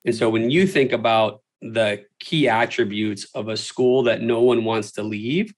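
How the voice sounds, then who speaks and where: A man's voice: on the low side, unhurried, rough recording. A man hosting an interview, speaking earnestly with frequent restarts and fillers. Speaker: host. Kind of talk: interview questions and conversation.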